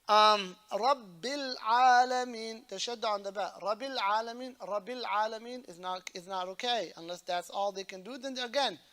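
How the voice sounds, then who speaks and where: Male imam, classroom lesson, patient explainer who demonstrates recitation slowly. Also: high voice, fairly bright tone.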